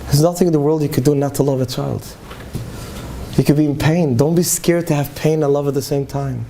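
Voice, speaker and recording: A man's voice: on the high side, steady tone, brisk, gravelly, mellow, a little hiss or hum. A middle-aged man, giving an earnest, heartfelt talk to parents. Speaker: speaker addressing parents. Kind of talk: emotional talk to a live audience.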